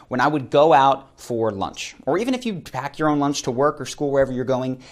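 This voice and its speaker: A man, probably in his thirties, teaching a recorded online lesson, speaking directly and encouragingly to the viewer. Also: mid-range voice. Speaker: charisma course instructor.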